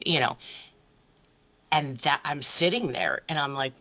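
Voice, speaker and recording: Blunt, bright-voiced woman telling her story. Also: rumbling low, a little slow. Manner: blunt, swears freely, acts out quotes with big voices. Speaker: podcast guest, life coach. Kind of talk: candid personal story in conversation.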